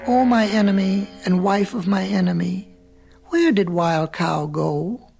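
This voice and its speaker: A proud, cunning storybook cat who keeps to himself and flatters when it pays, as a male reader puts him on. He speaks in a gravelly, fairly high voice. Soft music plays behind him. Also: measured pace. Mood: challenging. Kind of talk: storybook reading.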